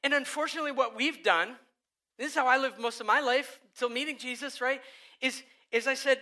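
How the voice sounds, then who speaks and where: A man preaching a sermon, animated, moving between loud passages and hushed ones and acting out the voices he quotes. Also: very high voice, brisk. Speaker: pastor.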